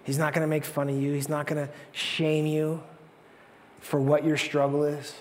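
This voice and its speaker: A male pastor preaching a sermon with animated storytelling, acting out the people in it. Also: a little high, normal speed, in a large hall, slight background noise. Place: church.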